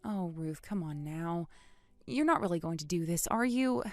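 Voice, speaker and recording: A woman's voice: lowish voice, animated, moderate pace, a little mellow, dry recording. A woman voicing an earnest young aunt who pleads for her brother's baby, in scripted dialogue. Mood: pleading. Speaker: voice actor in a text-story drama.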